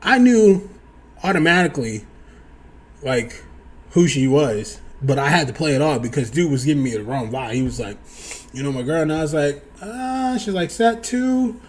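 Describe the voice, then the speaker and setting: A young man telling a casual story to his viewers, animated, acting out the other people in high voices and swearing freely. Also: normal speed. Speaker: storyteller vlogger.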